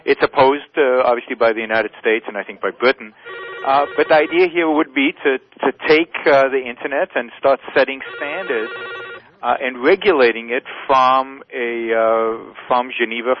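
A male radio guest heard over a thin, phone-like line, in a middling voice. He explains his views step by step, pausing on fillers as he goes. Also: medium pitch, steady tone. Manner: measured, explanatory, with frequent fillers. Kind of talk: radio interview. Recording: tinny phone-line audio.

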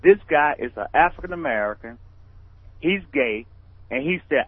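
A man calling in to a radio show, talking in a hesitant, halting way with restarts, heard over a tinny phone line. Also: on the high side, animated, dry recording. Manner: hesitant, halting, repeats himself. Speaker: caller. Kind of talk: call-in radio talk. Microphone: telephone.

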